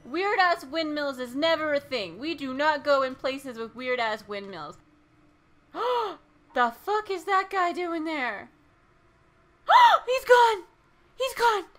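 A woman playing a horror game and reacting out loud, frightened, swearing, gasping and laughing nervously. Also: sits high, lively intonation, measured pace, a little hiss or hum. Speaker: let's play gamer.

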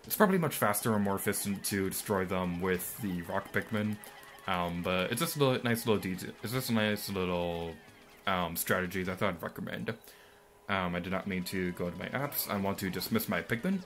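A man's voice: sits low, a little fast, fairly bright tone, slight background noise. A young man giving rambling, mildly sarcastic let's-play commentary, full of ums and asides. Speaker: gameplay commentator.

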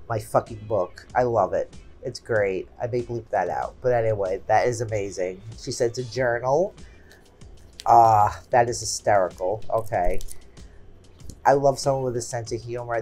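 A woman's voice: a bass voice, darkish tone. A woman in her forties hosting a craft channel, chatting casually and exclaiming often as she unboxes gifts at home.

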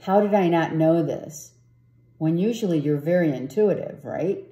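A woman's voice: on the low side, a little slow, warm tone, echoey room. A woman giving a casual tarot reading, rambling and often asking "right?". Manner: rambling, repeats herself, asks "right?". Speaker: tarot reader.

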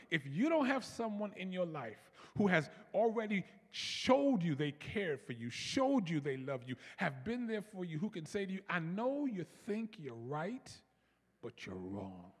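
A man preaching a sermon as pastor, animated and repetitive, calling on his congregation to answer back. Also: sits high, vocal fry, breathy edge, long reverb tail. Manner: animated preaching, repeats words, leads congregation call-and-response. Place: large church.

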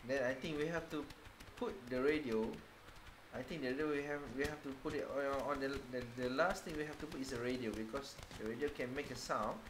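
A man's voice: mid-range voice, brisk, noisy background. A man, a father playing a video game with his daughter, talking playfully and thinking aloud with many repeats. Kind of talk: casual gameplay chat. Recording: roomy echo, loud game music behind.

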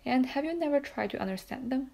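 Suave probing count, measured delivery; woman reader. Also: high-pitched, animated, gravelly, mellow, pitched above the performer's own voice, exaggerated voice. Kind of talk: audiobook character reading.

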